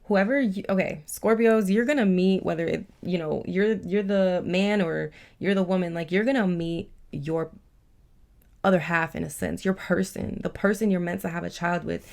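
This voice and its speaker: A woman giving a casual, chatty tarot reading, warm and emotional, with many fillers. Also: on the low side, moderate pace, creaky. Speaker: tarot reader.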